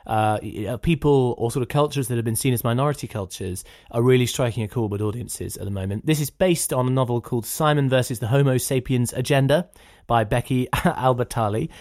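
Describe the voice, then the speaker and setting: Fast-talking film podcast host. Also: male voice, medium pitch, dry recording, clean studio sound. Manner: animated, laughing, quick-talking. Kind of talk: casual chat.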